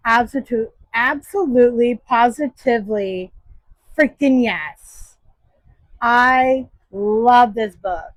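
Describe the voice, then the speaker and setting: A woman's voice: on the high side, no room sound, rough recording. A woman book vlogger casually reviewing her monthly reads, enthusiastic and emphatic.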